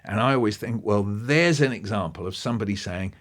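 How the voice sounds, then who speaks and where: Animated man explaining language. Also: lowish voice, fairly quick. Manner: animated, quoting and acting out passages. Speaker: interview guest. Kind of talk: podcast interview.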